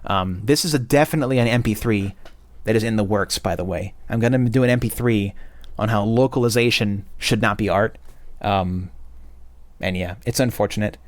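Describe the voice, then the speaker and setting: A man's voice: lowish voice, normal speed, no room sound. Blunt rambling male game reviewer. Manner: blunt, profane, many fillers. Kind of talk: casual opinionated monologue.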